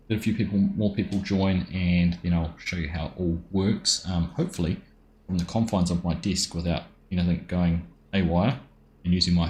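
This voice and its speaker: A deep-voiced Australian man chats easily on a live game stream, greeting viewers one by one in a relaxed, friendly way. He talks from a home desk, and there is a faint hum of ambience behind him. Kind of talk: casual live stream chat.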